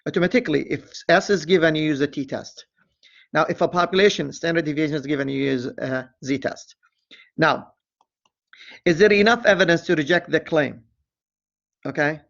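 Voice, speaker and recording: Male teacher, slightly high and gravelly, deliberate lecture delivery with self-corrections, lo-fi recording. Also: a bit bright. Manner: deliberate, reads problem aloud, self-correcting asides. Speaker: statistics teacher. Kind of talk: screen-recorded lecture walkthrough.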